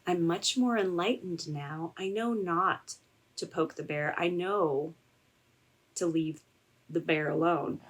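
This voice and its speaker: A young adult woman, a content creator, telling a story in a casual vlog with animated sarcasm. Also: on the low side, takes it slowly. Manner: animated and sarcastic, laughing often.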